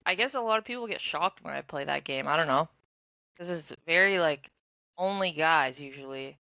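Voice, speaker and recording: A woman's voice: sits low, lively intonation, normal speed, creaky, sharp tone, no echo. A young woman co-hosting a podcast, rambling casually and full of "like". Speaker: podcast co-host and streamer. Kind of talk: casual chat.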